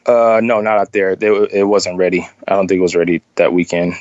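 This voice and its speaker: A man chatting casually on a podcast, telling stories in a rambling, halting way with many restarts. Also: sits low, steady tone, a little mellow, no echo, lo-fi sound. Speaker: podcast guest, sneaker collector. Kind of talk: casual chat.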